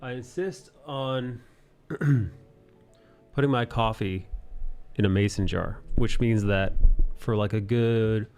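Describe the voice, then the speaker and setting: A man from New York City with a lowish voice hosts a drawing livestream and chats with his viewers. He jokes around and swears freely. Faint music plays underneath. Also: steady tone, slow, pauses often, a little mellow, smooth. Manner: profane, joking, chatty with viewers. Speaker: livestream host. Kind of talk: casual chat while drawing.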